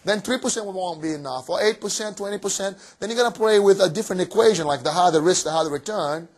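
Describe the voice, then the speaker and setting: A man giving a motivational finance seminar to a live audience in a room, energetic and cheeky, firing off rhetorical questions. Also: high voice, quick pace, husky. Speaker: seminar presenter.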